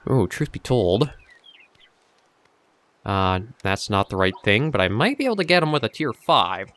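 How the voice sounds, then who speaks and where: A man's voice: fairly low pitch, moderate pace. A man hosting his gaming channel, chatting casually over his gameplay and thinking aloud as he goes. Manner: relaxed, thinking aloud with fillers.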